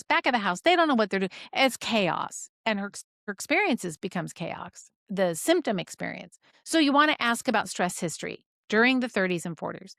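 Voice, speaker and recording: A middle-aged woman teaching clinicians in a lively, conversational way, full of rhetorical questions. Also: a little high, no room sound, clean studio sound. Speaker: health educator.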